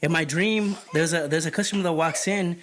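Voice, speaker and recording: A man telling a story among friends in casual chat, animated and swearing freely as he acts out what people said. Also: a little high, brisk. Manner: animated, heavy swearing, retells dialogue. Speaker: podcast co-host.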